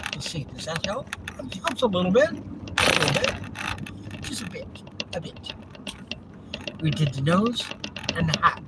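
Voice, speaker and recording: A man hosting a live driving vlog, rambling and chuckling as he thinks aloud from inside a moving car. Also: a little high. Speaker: vlog host. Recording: road noise from a car.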